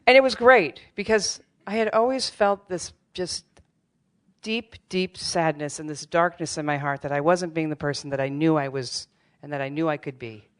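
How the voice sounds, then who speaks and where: A woman in middle age shares a true story from her own life in front of a live theater audience. Her humor is wry and self-deprecating, her manner candid, and she speaks at normal speed in a low-pitched voice.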